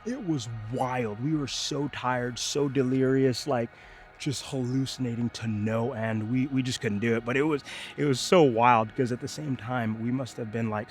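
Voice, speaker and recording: A young man in the middle of a vlog, talking casually with lots of fillers and slang. His voice sits in an ordinary middle register. When he acts out quoted lines, he suddenly jumps up in pitch and loudness. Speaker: vlogger.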